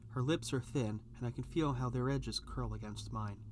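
A man reading a first-person story aloud, with an expressive delivery that rises at tense moments. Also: medium pitch, normal speed, slight background noise. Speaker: narrator.

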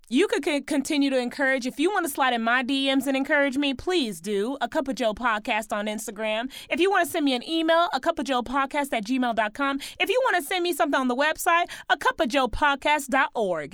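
A woman's voice: sits high, fairly bright tone, no echo, studio quality. A woman hosting her own podcast, giving upbeat, preachy encouragement in a sing-song way. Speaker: podcast host. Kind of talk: upbeat motivational solo podcast.

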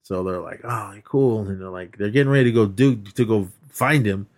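A man's voice: lowish voice, a little fast. A man co-hosting a podcast, casually recapping a film in a rambling way, acting out quoted lines and laughing as he goes. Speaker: podcast co-host. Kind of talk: casual movie recap chat.

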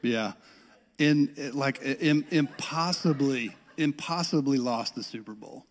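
A middle-aged man from Metro Atlanta, with a Southern accent, tells a self-deprecating personal story during a sermon. His medium-pitched voice takes things slowly, and the large hall gives it a long reverb.

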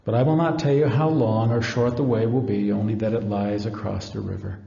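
A man reading the part of a wise, gentle male lion king in a storybook, speaking tenderly. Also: on the low side, steady tone, fairly quick, vocal fry. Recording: echoey hall, dull lo-fi.

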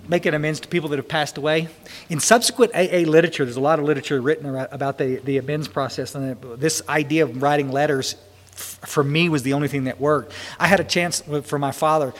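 A man's voice: fairly high pitch, fairly even intonation, fairly quick, in a large hall. A man answering questions at a recovery meeting, talking in an emotional, rambling, folksy way.

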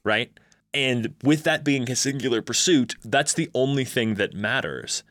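A man's voice: mid-range voice, expressive, unhurried, a bit bright, dry recording, studio quality. A man co-hosting a casual film discussion, thoughtful and working through ideas step by step. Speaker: film podcast co-host.

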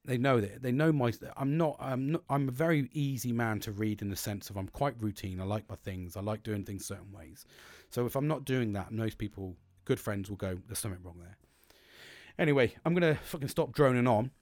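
A man hosts a podcast in a loose, candid monologue, swearing often and breaking off to restart his thoughts. His voice sits at an ordinary middle pitch and sounds close and dry, with no room around it. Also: brisk, darkish tone, dry recording. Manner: chatty and frank, swears freely, restarts sentences. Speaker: podcast host. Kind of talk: casual monologue on coping and mental health.

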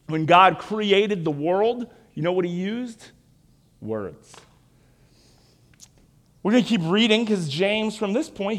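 A young man preaching a sermon, telling stories and acting out quoted lines with animation. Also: high voice. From Virginia, United States. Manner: animated storytelling, acts out quotes. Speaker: pastor.

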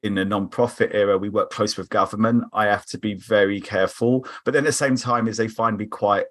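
A man's voice: fairly low pitch, fairly even intonation, brisk, a bit bright. A man from England with a South London accent, a podcast guest chatting and telling stories with quoted voices. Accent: South London English. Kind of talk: casual chat.

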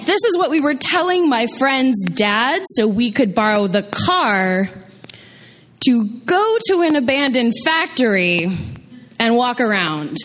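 Chatty young woman telling a story. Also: a little high. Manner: chatty, self-deprecating, many fillers. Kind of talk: live storytelling.

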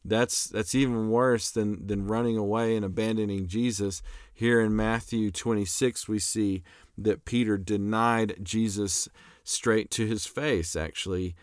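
Casting: young man, lowish voice, relaxed lecturer, lots of "uh" and restarts, dry close recording. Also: unhurried, dry recording. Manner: conversational with frequent fillers and restarts, reads scripture aloud. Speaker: apologetics lecturer.

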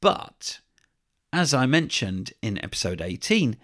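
A man hosting a podcast, presenting scripted narration in a measured, even-handed way. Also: mid-range voice. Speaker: podcast host.

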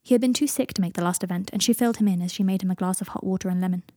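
A woman narrating a fan story in a calm, even audiobook style. Her voice is husky, mellow and darkish. The sound is dry and close, with no room in it. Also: medium pitch, very fast, no echo. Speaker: fan fiction reader.

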